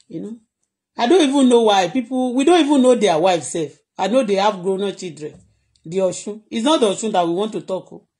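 Nigerian accent, live-stream blogger, casual rambling chat, frequent laughs, mid-pitched voice. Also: a little mellow. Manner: chatty, laughs often, switches languages freely. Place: at home in Canada.

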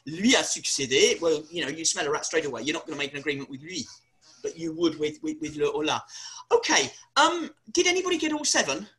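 A man's voice: high voice, a bit bright, rough recording. A middle-aged man giving a chatty, self-deprecating webinar lecture, often stumbling over repeated words.

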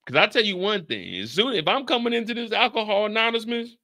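A young man from the Bay Area riffs through a TV recap in loose, profane chat. His voice sits high and swoops up and down as he talks. The tone is bright and forceful. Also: fast, few pauses. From San Francisco Bay Area. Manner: animated, profane, acts out scenes with shouted put-on lines. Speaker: recap show host.

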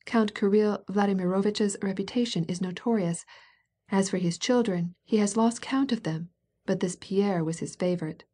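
A woman's voice: mid-range voice, normal speed, mellow, slightly rough, lightly acted. A woman reader voicing a self-important princess who shares gossip in a confiding, half-whispered way. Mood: knowing.

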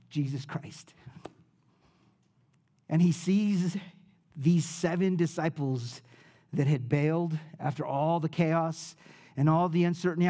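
A male pastor preaching a sermon in a relaxed, conversational way, leaning on slang. His voice sits a little high yet sounds warm and mellow, and he swings from loud to near-whispered passages as he tells the story. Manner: casual, uses slang like dude and man.

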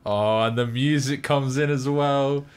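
A man's voice: mid-range voice, fairly even intonation, unhurried, clean tone. A young man co-hosting a film reaction, cracking playful, sweary jokes and laughing often. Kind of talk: casual reaction chat.

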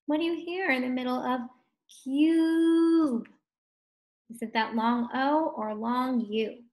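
A woman teaching a phonics lesson to first graders, slow and encouraging, stretching words out for the children. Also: high voice.

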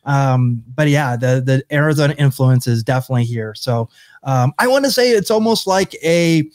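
A man's voice: mid-range voice, lively intonation, normal speed, darkish tone, no echo. A man co-hosting a podcast, chatting casually and searching for words as he describes a beer. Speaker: podcast co-host. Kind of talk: casual chat.

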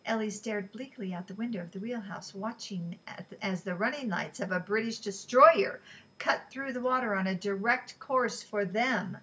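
A woman reading a novel aloud in an even, unhurried way, with small slips she corrects. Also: medium pitch, slightly rough, low-quality recording. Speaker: reader.

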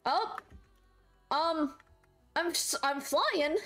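Young woman streamer, high animated voice, laughs and squeals a lot, bit of music behind. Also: very slow. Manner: playful, laughs often, squeals when chat trolls her. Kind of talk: live gameplay commentary.

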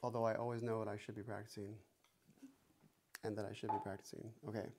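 Teasing drum teacher counting beats. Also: male voice, on the low side, flat delivery, fast. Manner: playful, teasing, mock-threatening. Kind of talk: one-on-one music lesson. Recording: noisy room with drum clicks.

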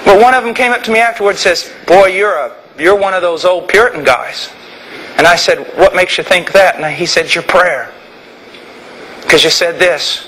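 A man preaching a sermon, moving between quiet reflection and fervent shouting. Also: high voice, moderate pace, slight background noise, poor audio. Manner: impassioned, swings from quiet to shouting.

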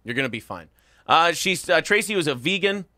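Man, radio host, bright forceful voice, crude joking banter, dry close mic. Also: a little high, big pitch swings, brisk, no echo. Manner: loud, mocking, laughs often. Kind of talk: crude comedic morning-show banter.

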